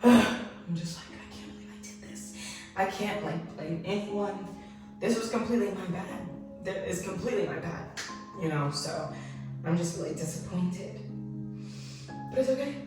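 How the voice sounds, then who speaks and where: In an echoey hotel room, a young Maryland woman vlogs about her travels, bubbly and filler-heavy, but occasionally struggling not to cry. Her lowish voice sounds far from the microphone and slightly off-axis, with music in the background.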